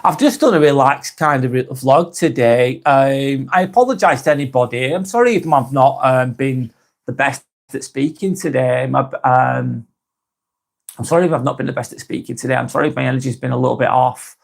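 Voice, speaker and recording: A man hosting a casual live stream, talking softly and unhurriedly, apologising often and reading out viewer comments. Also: mid-range voice, vocal fry. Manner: soft, unhurried, apologetic, with frequent ums and restarts.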